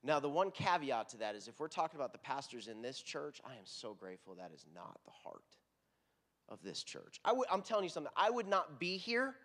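A man's voice: fairly high pitch, very animated, fairly quick, a bit bright. A middle-aged man with a Texan accent, a worship pastor preaching a sermon in a conversational, earnest, storytelling way.

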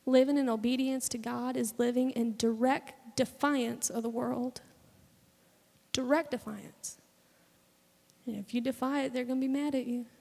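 A woman in her twenties gives a testimony sermon, fervent yet conversational, acting out little bits of dialogue. Her voice sits high, gravelly and warm, and a long hall reverb trails behind it.

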